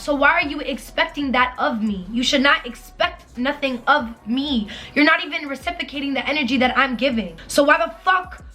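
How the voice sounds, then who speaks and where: A woman's voice: sits high, moderate pace, hardly any pauses, bright, forceful tone. A young woman giving blunt, emphatic relationship advice in a casual vlog, repeating her points and swearing freely. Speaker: advice vlogger.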